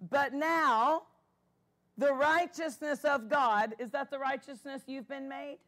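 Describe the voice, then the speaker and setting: A woman pastor delivers a sermon in a high-pitched, fairly bright voice. She speaks slowly and with emphasis, repeating key phrases for weight and calling on the congregation for amens.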